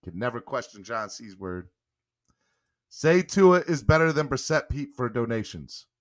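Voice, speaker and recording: A man's voice: mid-range voice, big pitch swings, measured pace. A young man hosting a casual live-stream sports show, playfully coaxing a guest and laughing often. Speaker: podcast host.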